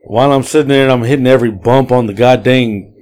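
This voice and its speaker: A man hosting a podcast, casually telling a long, profane story in a rambling, animated way. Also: medium pitch, fast talker. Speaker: podcast host.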